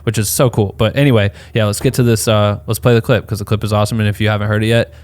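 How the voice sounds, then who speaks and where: A male podcast co-host chatting with loose, profane enthusiasm. His voice sits on the low side, and it comes across smooth and resonant. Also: little pitch movement, racing, darkish tone. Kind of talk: casual podcast chat.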